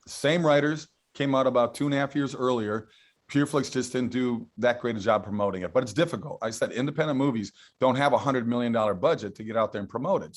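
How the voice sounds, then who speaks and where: A middle-aged man, a guest actor, telling stories with enthusiasm in a casual interview. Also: mid-range voice. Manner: enthusiastic storytelling.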